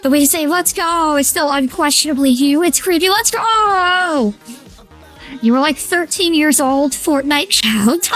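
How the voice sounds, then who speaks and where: A man streaming a game through a feminine voice changer, chatting excitably with his chat, squealing and giggling. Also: very high-pitched, measured pace, faint music behind, pitched above the performer's own voice, heavily acted. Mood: playful. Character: high feminine streamer voice, playful. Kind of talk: casual live-stream chat while gaming.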